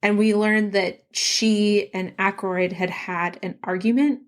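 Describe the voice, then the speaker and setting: A woman co-hosting a casual book-club podcast, retelling the story in an animated way and giggling often as she acts out characters' lines in quick quoted bits. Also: medium pitch. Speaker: podcast co-host.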